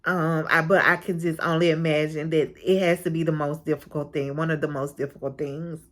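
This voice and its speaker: A woman's voice: low-pitched, flat delivery, a little fast. A woman hosting a casual recap of a reality show, frank and chatty, often breaking into laughter.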